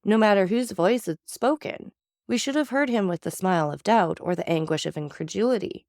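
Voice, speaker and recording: A woman narrating a classic novel as a storybook reading, measured and even. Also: medium pitch, no echo, clean studio sound. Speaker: audiobook narrator.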